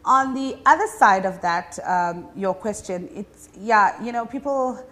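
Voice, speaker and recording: A woman with a South African Indian English accent, a comedian being interviewed, telling stories in an animated, chatty way with many fillers. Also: medium pitch, a little slow. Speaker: comedian guest. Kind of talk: casual interview chat.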